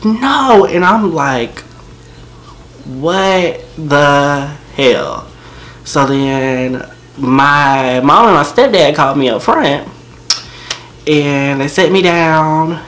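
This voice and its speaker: A man's voice: mid-range voice, fairly bright tone. A man telling a personal story to camera in a casual, slangy, joking way.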